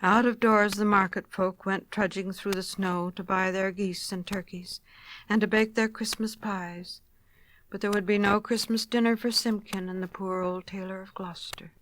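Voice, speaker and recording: Brief: female storyteller, soft children's story reading, middle pitch. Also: steady tone, normal speed, slight background noise.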